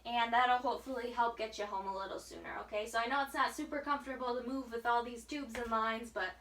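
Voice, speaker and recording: A high-voiced woman works as a physical therapist at a hospital bedside. She patiently guides a patient through breathing drills and counts each breath in an encouraging way. She sounds far off in an echoey room, with faint hiss behind her. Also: fairly even intonation, fast, fairly bright tone. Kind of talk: coaching a patient through exercises.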